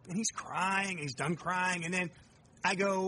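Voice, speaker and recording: Brisk and sharp-toned, this fairly high male voice belongs to an American guest author in his forties. Chatting casually, he shares frank stories about being a father and swears frequently.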